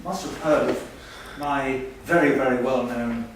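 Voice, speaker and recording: A man's voice: mid-range voice, a little slow, noisy background, natural voice. A man playing a pompous, boastful male language professor in a stage comedy sketch, heard from far off in an echoey hall. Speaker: comic stage performer.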